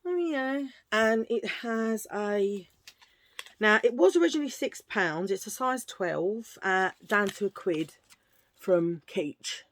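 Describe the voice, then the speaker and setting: A woman's voice: mid-range voice, expressive, slow pace. A woman chatting casually through a thrift-shop haul at home, gushing and rambling with restarts. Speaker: vlogger showing a thrift haul.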